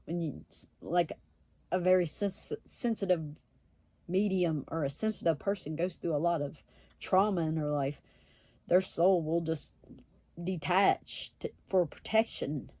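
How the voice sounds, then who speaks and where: Blunt, foul-mouthed woman telling a story; low, dark voice, dry recording. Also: measured pace, no room sound. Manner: blunt, swearing, laughing often, acts out quoted voices. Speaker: self-described witch and medium, vlogger. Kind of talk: casual storytelling to camera.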